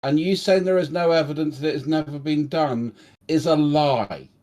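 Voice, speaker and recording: A man's voice: a little high, moderate pace, warm tone. A man on an online debate panel, sounding exasperated and blunt as he challenges the host.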